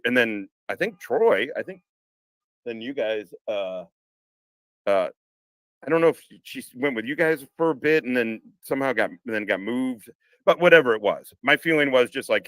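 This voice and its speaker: A low-pitched man hosting a live stream and telling war stories in a loose, rambling way. He swears freely and often restarts his sentences. His voice sounds close and dry. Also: normal speed, bright, forceful tone, no room sound, low-quality recording. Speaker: podcast host. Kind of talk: casual live-streamed conversation. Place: home room, car parked outside.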